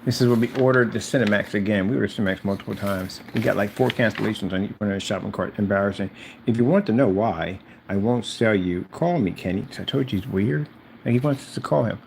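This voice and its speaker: Gravelly, taunting low-voiced man. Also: fast, a little mellow, a little hiss or hum. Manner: mocking, confrontational, repeats jabs. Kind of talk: taunting rant addressed to someone absent.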